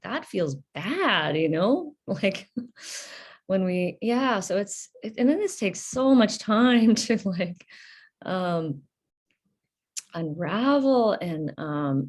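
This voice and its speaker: A woman hosting a podcast, talking through personal reflections in a soft, halting, introspective way with many fillers and restarts. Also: lowish voice. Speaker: podcast host.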